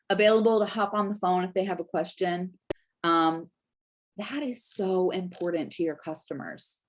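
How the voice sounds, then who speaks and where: Young woman vlogger, casual and chatty, peppers talk with "like" and "right?", plain camera mic at home. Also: mid-range voice. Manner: chatty, lots of fillers and "right?". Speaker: Scentsy consultant giving business tips.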